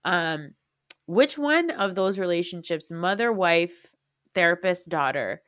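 A woman hosts a podcast in easy, casual chat, her voice sitting a little low. She talks with animation, laughs often and acts out scenes as she goes. The sound is dry and close. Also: lively intonation, takes it slowly, a bit bright, dry recording. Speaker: podcast host.

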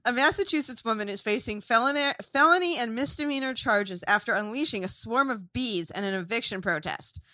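A woman's voice: fairly high pitch, brisk, few pauses, pushed and bright, dry recording. A woman co-hosting a comedy podcast, trading jokes and laughing often. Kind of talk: casual comedy banter, reading jokes.

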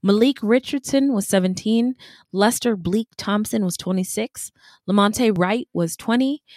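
A woman's voice: mid-range voice, measured pace, darkish tone, no echo, studio quality. A woman from Arizona co-hosting a podcast, reading facts aloud with giggly, playful asides. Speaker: podcast co-host.

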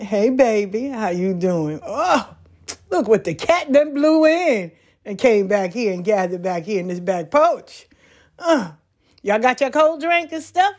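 Woman, porch monologue, folksy and animated, plain middle pitch, outdoors. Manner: folksy, animated storytelling with laughs. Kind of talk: casual monologue.

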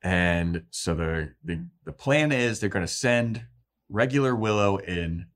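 Male co-host with a lowish voice, telling the story with energy. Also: a little slow. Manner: animated storytelling, acts out quotes. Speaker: podcast co-host. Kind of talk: casual episode recap.

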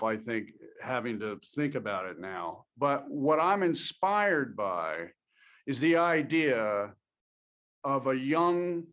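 A male actor giving thoughtful interview answers, pausing and restarting often as he works out his thoughts. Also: medium pitch. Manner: thoughtful, halting, with many restarts.

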